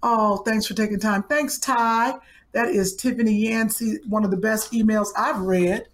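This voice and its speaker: A woman's voice: fairly high pitch, fairly even intonation, normal speed. A woman co-hosting a podcast in casual banter, teasing and laughing often, reading a listener's email aloud. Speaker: podcast co-host.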